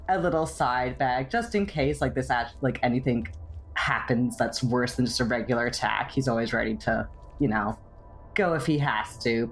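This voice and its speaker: A woman playing in a tabletop game, chatting casually about what her character would do, with frequent fillers. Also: very deep voice. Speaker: player. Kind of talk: casual role-play chat.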